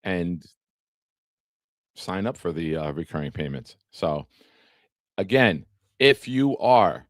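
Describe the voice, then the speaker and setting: A man's voice: mid-range voice, no echo, studio quality. A man hosting a casual live-streamed sports talk show, chatting with viewers by name and reading from an article. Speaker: podcast host.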